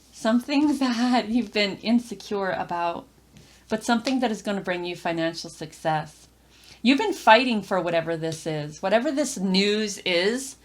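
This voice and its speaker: Woman, tarot reader, rambling, encouraging, casual talk to camera. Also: medium pitch. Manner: rambling, repeats herself, many fillers and restarts; addresses the viewer directly and encouragingly.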